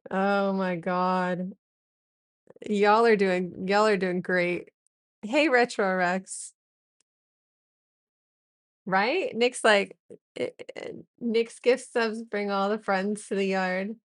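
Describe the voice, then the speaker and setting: A chatty woman artist chats with her stream audience between drawing strokes, loose and jokey as she reads viewers' names. Her voice sits at an ordinary middle pitch. The sound is close and dry. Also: very slow, long pauses, no echo. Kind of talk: casual live-stream chat while drawing.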